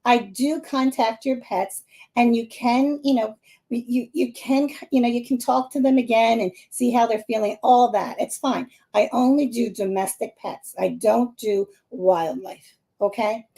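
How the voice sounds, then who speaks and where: Host: middle-aged woman, Philly-area accent, high-pitched, lively and laughing, talking to viewers on a live stream. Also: a little slow. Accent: Philadelphia area. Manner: chatty, animated, laughing often. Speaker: psychic medium hosting a live stream.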